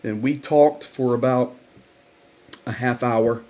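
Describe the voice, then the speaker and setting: A man hosting a livestream who tells his account slowly and earnestly. His voice sits at a middle pitch, and he takes his time with his words. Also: fairly even intonation, a little mellow. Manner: slow, earnest storytelling. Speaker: host. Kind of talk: livestream update.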